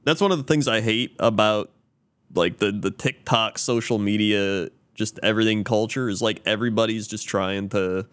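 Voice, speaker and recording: A man's voice: lowish voice, normal speed, a bit bright, clean tone. A man co-hosting a podcast, telling a rambling story in casual chat full of fillers and restarts. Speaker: podcast co-host.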